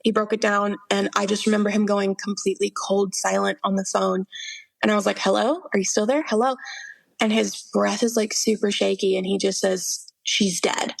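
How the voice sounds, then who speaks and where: A young woman speaks with a gravelly, fry-touched voice at a middle pitch, recorded close and dry. She recounts her testimony earnestly, full of fillers and quoted dialogue. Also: level tone, normal speed, dry recording. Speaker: podcast guest. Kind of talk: personal testimony in an interview.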